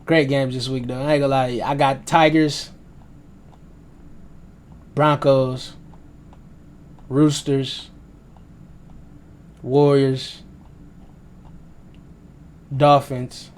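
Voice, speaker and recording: A man's voice: mid-range voice, little pitch movement, drawn-out words, pauses often, clear, resonant tone. A young man at home, rambling loosely in slang through his sports predictions as a casual vlogger. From United States. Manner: loose, slangy, rambling and self-aware about rambling.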